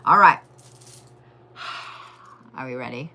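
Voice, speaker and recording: A woman's voice: extremely low pitch, expressive, drawn-out words, background noise. A woman giving a casual, profane live crystal and zodiac reading, chatting to viewers as y'all. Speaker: livestream tarot and crystal reader.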